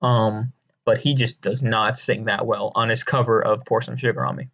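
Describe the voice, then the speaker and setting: A man giving casual, rambling commentary with a deadpan delivery, crude jokes and many fillers and restarts. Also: lowish voice, normal speed. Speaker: video creator ranking songs.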